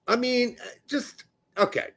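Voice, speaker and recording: A man's voice: very high-pitched, a little slow, slight background noise. A man in his fifties co-hosting a soccer podcast, joking crudely in casual chat. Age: 50s. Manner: animated, crude, jokey. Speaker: podcast co-host.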